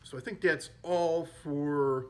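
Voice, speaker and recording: A man's voice: a little high, takes it slowly, darkish tone. A man hosting a podcast, casually retelling a comedy film with lots of fillers and self-corrections. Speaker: podcast host. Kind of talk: casual chat retelling a movie.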